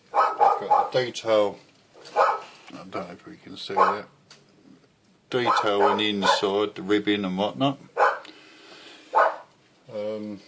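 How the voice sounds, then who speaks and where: A man's voice: fairly low pitch, steady tone, slow pace, long pauses, very noisy. A man reviewing a model kit in a chatty, rambling way at home. He is a bit out of breath, swears now and then and often loses his thread.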